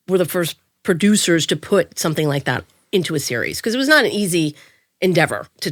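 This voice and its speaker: A woman in her thirties, a guest telling stories from her career, animated and jumping up in pitch when quoting people. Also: dry recording, studio quality. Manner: animated, acts out quotes in a higher voice. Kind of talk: storytelling in an interview.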